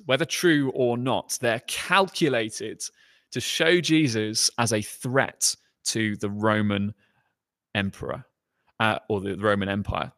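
A man's voice: a bit bright, no room sound. Male preacher, casual sermon delivery, acts out quotes, dry close sound. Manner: conversational, acting out quoted lines with rising pitch.

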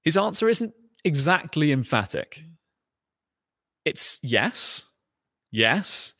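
A man's voice: big pitch swings, slow, bright, forceful tone, no echo. Male preacher, casual sermon delivery, acts out quotes, dry close sound. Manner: conversational, acting out quoted lines with rising pitch.

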